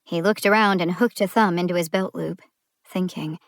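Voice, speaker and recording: A woman narrating a thriller audiobook in a measured storytelling style. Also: fairly low pitch, fairly even intonation, no room sound, studio quality.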